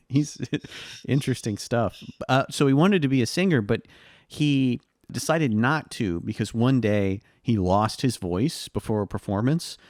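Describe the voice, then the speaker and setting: A man's voice: medium pitch, animated, moderate pace, darkish tone, dry recording, clean studio sound. A man co-hosting a casual history podcast, easygoing and chuckling, with "uh" and "um" fillers. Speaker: podcast co-host.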